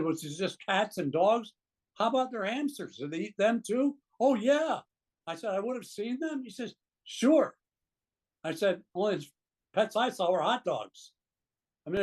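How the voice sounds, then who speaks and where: Older man in his seventies, high-pitched voice, indignant pundit commentary, halting restarts. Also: low-quality recording. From United States. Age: 70s. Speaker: political pundit guest. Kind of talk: impassioned opinion commentary.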